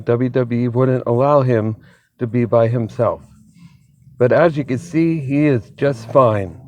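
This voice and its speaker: A man hosting his own channel, chatting excitedly in a casual solo commentary, laughing often and swearing freely, amped up on an energy drink. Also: medium pitch, highs cut off. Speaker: wrestling commentary channel host.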